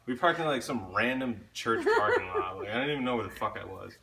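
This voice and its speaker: A man's voice: mid-range voice, expressive, fast, creaky, bright, forceful tone. A young man telling a story in casual chat, laid-back, swearing often and laughing along.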